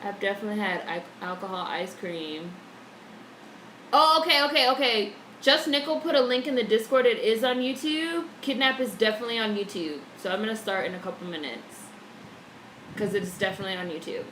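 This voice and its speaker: A woman's voice: mid-range voice, animated, a little fast, fairly bright tone. A woman chatting casually on a live stream, swearing freely and reading out viewer messages from home. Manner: chatty, swears freely, reads chat aloud. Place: home room, indoors. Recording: echoey room with faint background noise.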